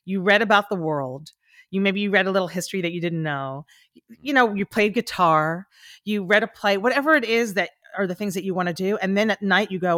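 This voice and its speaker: A woman's voice: mid-range voice, fairly quick, fairly bright tone, dry recording, studio quality. A woman, a stage actor and coach, talking reflectively and earnestly as a podcast guest, often restarting her sentences. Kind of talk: casual podcast interview.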